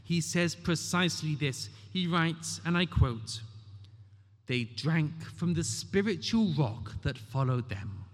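A man with a fairly high voice delivers an emphatic sermon in a church, posing rhetorical questions and voicing scripture with dramatic lifts. His words ring out with a long hall reverb behind them. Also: lively intonation, takes it slowly. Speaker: preacher.

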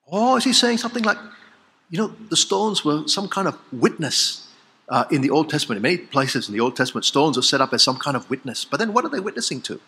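Expressive preacher in a reverberant hall. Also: male voice, a little high, fast talker. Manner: swings from loud exclamations to hushed solemn lines. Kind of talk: sermon.

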